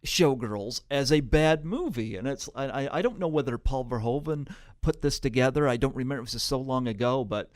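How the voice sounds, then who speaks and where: A man's voice: mid-range voice, animated, a little fast, no room sound, studio quality. A man hosting a podcast interview, chatting casually and filling his sentences with "you know" and "like". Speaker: podcast host. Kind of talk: interview chat.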